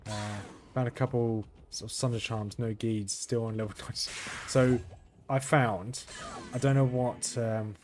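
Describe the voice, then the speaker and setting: A man with a flat, monotone delivery giving casual gameplay commentary as the channel's host, rambling, correcting himself and chuckling now and then. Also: mid-range voice, unhurried, faint music behind. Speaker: gaming video host.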